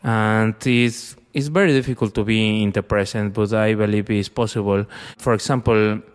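Brief: young man, clear resonant voice, long reverb, halting storyteller. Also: lowish voice, steady tone. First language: Spanish. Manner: halting, searching for words in a second language. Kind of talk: personal storytelling in conversation.

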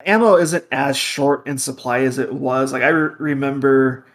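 A man co-hosting a casual podcast, giving measured, thoughtful replies. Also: mid-range voice. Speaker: podcast co-host. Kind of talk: casual chat.

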